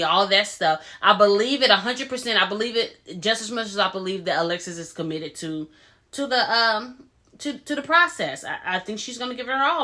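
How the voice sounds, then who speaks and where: A woman with a bright, forward voice recaps a reality show episode in a relaxed, chatty way. She is animated and opinionated, and she acts out what the cast said in quoted voices. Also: medium pitch. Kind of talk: casual recap commentary.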